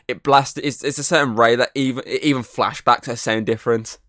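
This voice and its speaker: A man's voice: medium pitch, fairly even intonation, a little fast, hardly any pauses, a bit bright, no room sound, studio quality. A man hosting a casual podcast chat, rambling on, swearing often and laughing easily. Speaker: podcast host. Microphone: headset.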